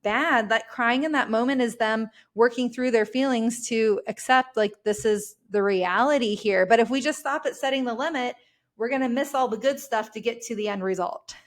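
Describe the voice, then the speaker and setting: A woman guest on a podcast, a parenting educator and author, explaining in a measured way with frequent "like" fillers. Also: on the high side.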